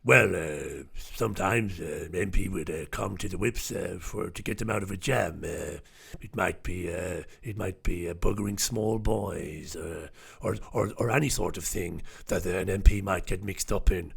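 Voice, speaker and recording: A man putting on a halting old politician. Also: sits low, creaky, slightly rough, voice pushed down, heavily acted. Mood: hesitant, evasive. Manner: halting, full of uh fillers and stammers. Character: hesitant older male politician, evasive.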